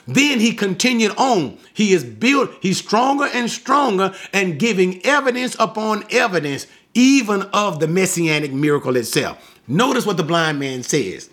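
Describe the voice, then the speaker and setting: Slow, animated male Bible teacher. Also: high-pitched. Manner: emphatic, repeats points, asks rhetorical questions.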